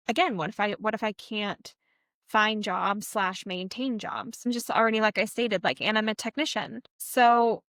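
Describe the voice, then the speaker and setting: A woman's voice: mid-range voice, a bit bright, clean tone, no room sound. Woman, vet tech podcast co-host, candid reflective chat, dry close sound. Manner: candid, earnest storytelling; reflective, encouraging. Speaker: veterinary technician.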